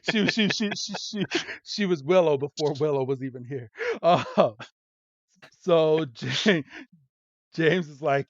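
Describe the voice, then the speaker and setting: A man hosting a podcast, recapping a cartoon episode in a casual, giggly, animated way. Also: on the high side, slow, long pauses, no room sound, lo-fi sound. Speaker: podcast host.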